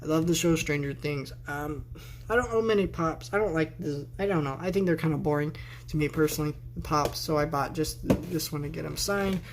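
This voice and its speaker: A man's voice: a little high, fairly quick, a little hiss or hum. A man vlogging a casual tour of his bedroom on a handheld camera, rambling with sarcastic asides. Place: bedroom, indoors.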